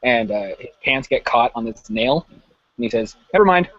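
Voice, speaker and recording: A man telling a joke quickly and with animation. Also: medium pitch, fairly even intonation, a bit bright, no room sound. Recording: slightly dull audio.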